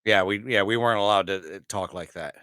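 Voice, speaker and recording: A man co-hosting a casual podcast, easygoing and quick to agree and laugh along. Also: fairly low pitch, sharp tone, clear, resonant tone, dry recording, clean studio sound. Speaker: podcast co-host. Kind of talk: casual chat.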